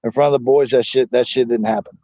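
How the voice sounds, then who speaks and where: A man's voice: medium pitch, little pitch movement, fast, mellow, no echo. A man telling stories in a casual interview, rambling and profane, full of fillers like "you know what I'm saying". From United States. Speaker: interview guest, former wrestler and Marine. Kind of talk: casual storytelling shoot interview. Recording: dull dry lo-fi audio.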